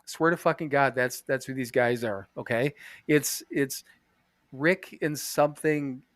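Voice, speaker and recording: A man's voice: mid-range voice, measured pace, no echo, clean studio sound. A man co-hosting a podcast in casual chat, rambling, swearing a lot and laughing often, talking from a bathroom. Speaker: podcast co-host.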